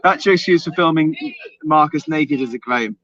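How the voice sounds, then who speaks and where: A man's voice: a little high, brisk. A man co-hosting a live stream, teasing his co-host and reading out super chats in casual banter. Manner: teasing, jokey, animated. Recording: slightly dull lo-fi stream audio.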